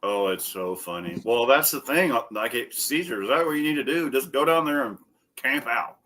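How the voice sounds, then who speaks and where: A man's voice: mid-range voice, moderate pace. A man telling casual stories in a chat, swearing freely and raising his voice to act out the people he quotes. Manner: profane, animated storyteller who acts out quoted people in a raised voice. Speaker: co-host.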